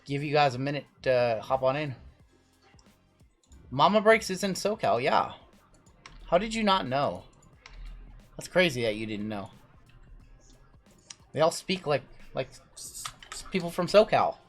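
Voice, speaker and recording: A man's voice: fairly high pitch, big pitch swings, unhurried, long pauses, soft background music. A man hosting a live card-break stream in a casual, chatty way. He rattles off long lists of names and teams and answers chat as he goes.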